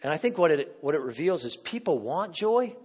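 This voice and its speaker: Middle-aged pastor, man, sermon delivery, slightly high voice, dynamic swings from hushed to emphatic, church hall reverb. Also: big pitch swings, fairly quick, breathy edge. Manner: swings from quiet asides to loud emphatic bursts. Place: church sanctuary.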